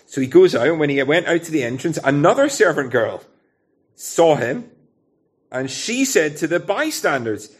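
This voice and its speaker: Scottish preacher, talking through a Bible passage. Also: male voice, fairly high pitch, sing-song, normal speed. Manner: conversational, asks rhetorical questions. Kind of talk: expository sermon.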